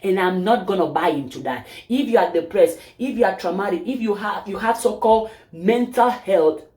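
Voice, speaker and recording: A woman's voice: medium pitch, lively intonation, moderate pace, dark tone. Emphatic woman preaching self-help. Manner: emphatic, preachy, piles up rhetorical questions. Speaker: channel host. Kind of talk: opinion monologue to camera.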